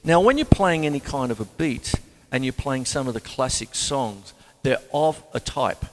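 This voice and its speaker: An Australian drummer hosting a music show explains drum techniques in a casual lesson, chatty and rambling with jokey asides. His medium-pitched voice is expressive and moves at a normal speed, and the recording has a big-room sound.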